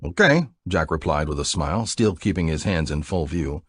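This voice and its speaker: A man giving an expressive, dramatic audiobook narration. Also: rumbling low, fairly quick, husky, dry recording, clean studio sound.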